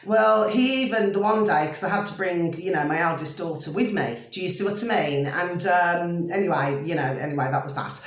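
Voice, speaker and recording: A woman's voice: lowish voice, a little fast, few pauses, reverberant. A woman telling a rambling, chatty story to her viewers, checking in with them again and again. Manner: chatty, rambling, many tag questions to viewers. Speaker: vlogger.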